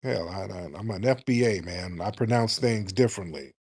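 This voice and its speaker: A man's voice: lowish voice, normal speed, a little mellow, husky. A man from the United States hosting a call-in talk show, emphatic and swearing freely. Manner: brash, profane and emphatic. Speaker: radio show host.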